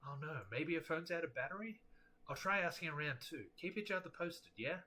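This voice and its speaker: A man's voice: a little high, a little fast, voice pushed up. A man voicing a chatty, caring young woman who likes to tease her friend. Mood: concerned. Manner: teasing and warm.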